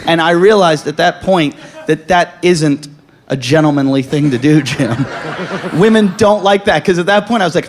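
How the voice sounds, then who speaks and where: A man's voice: high-pitched, normal speed. A man hosting a live comedy podcast, telling rambling, profane stories and acting out quoted voices for the crowd. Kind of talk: crude comedic storytelling before a live audience. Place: live show venue.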